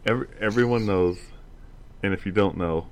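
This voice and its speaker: A man's voice: on the low side, a little fast. Laughing, stumbling male storyteller. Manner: stumbling restarts, frequent laughter. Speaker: podcast host. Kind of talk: casual storytelling.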